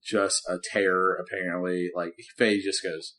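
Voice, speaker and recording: A man's voice: sits low, normal speed. A man in his thirties co-hosting a podcast, telling a parenting story in casual chat and acting out the people in it. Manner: animated, laughing storyteller who acts out quotes. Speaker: podcast co-host.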